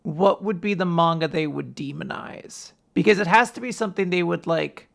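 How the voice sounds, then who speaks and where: A man's voice: sits high, normal speed, creaky, a bit bright. A man co-hosting a podcast in loose, casual chat, reminiscing and trailing off. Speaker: podcast co-host.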